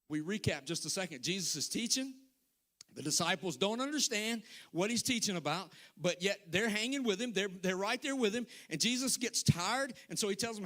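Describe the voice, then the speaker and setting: A man's voice: sits high, lively intonation, moderate pace, pushed and bright. A man from Alabama delivering a sermon as a guest speaker, emphatic and conversational, repeating phrases for stress. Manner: conversational, talks straight to the congregation.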